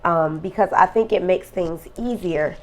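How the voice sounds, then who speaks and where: A woman's voice: fairly low pitch, a little slow. A woman vlogger talking earnestly about a friend's death, emotional and close to tears. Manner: emotional, tearful; reflective, earnest. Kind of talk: personal vlog talk.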